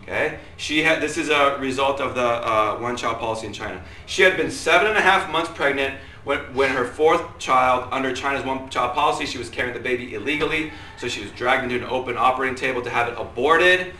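A man preaching a sermon to a room, animated, swinging from loud outbursts to quiet asides and asking the audience questions. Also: medium pitch, fast talker, few pauses, echoey room, a little hiss or hum. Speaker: pastor.

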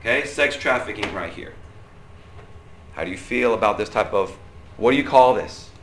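A man preaching a sermon to a room, animated, swinging from loud outbursts to quiet asides and asking the audience questions. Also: on the low side, normal speed, reverberant, a little hiss or hum. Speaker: pastor.

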